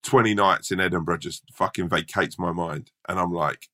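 A hungover male stand-up comedian from Britain, telling a sweary, animated anecdote in casual chat. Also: low-pitched, normal speed.

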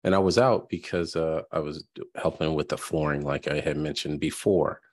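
Deep-voiced man hosting a podcast. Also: moderate pace, no echo. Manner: relaxed, rambling with fillers. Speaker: podcast host. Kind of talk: casual reaction commentary.

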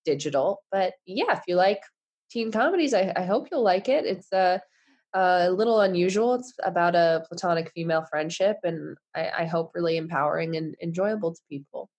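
A woman's voice: fairly low pitch, animated, fairly quick, a little mellow, lo-fi sound. A woman guest on a remote podcast interview, talking easily and laughing lightly. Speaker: guest writer. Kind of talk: casual interview chat. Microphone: remote recording.

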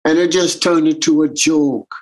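A reggae bandleader of Jamaican American background shares stories in an informal interview, animatedly voicing the people he quotes. His slightly high voice moves at a moderate pace on a rough recording.

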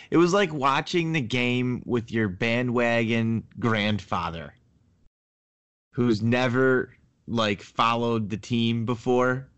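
Casting: lower-pitched male co-host, dry close sound, easygoing replies. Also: fairly bright tone, dry recording. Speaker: podcast co-host. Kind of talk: casual sports chat.

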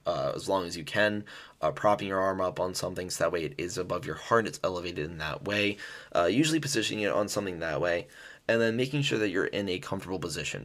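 Man, very low voice, young adult, casual podcast host, chatty, fillers. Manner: relaxed, chatty, with many fillers and restarts. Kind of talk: casual educational podcast talk.

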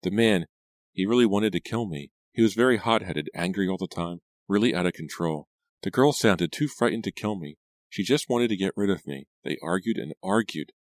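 A man's voice: deep voice, expressive, moderate pace, dry recording, pitched above the performer's own voice. A man voicing a frightened, shaky teenage girl in an audiobook, stammering and fretful. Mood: tearful.

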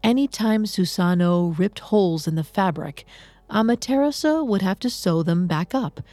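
Mellow-voiced woman narrating a myth. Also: medium pitch, no room sound. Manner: measured, even storytelling. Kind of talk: scripted storytelling narration.

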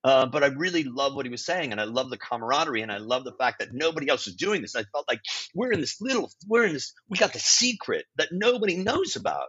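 A husky man in his sixties tells stories in an interview, his pitch swinging up and down as he goes. He restarts and corrects himself often and swears bluntly now and then. The audio sounds dull and lo-fi. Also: fast. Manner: animated, frequent restarts and self-corrections. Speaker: guest improviser and teacher. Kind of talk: storytelling interview talk.

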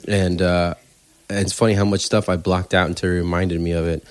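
A man, a stand-up comedian telling stories on a podcast in a casual, animated way, swearing freely. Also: deep voice, brisk. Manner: animated storyteller, swears freely, acts out quoted voices.

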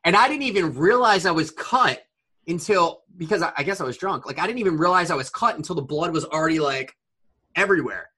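A man's voice: on the high side, fairly quick, husky. A man in his forties telling a rambling story in a casual chat, full of fillers. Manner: rambling, filler-heavy, animated retelling.

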